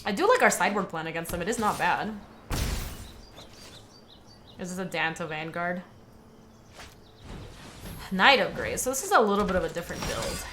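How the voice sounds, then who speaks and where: A woman's voice: fairly low pitch, sing-song, normal speed, pauses often, background noise. A young woman giving casual commentary on a card game, chatting with viewers as she plays. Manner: chatty, talks to viewers and chat while playing. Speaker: streamer playing a card game.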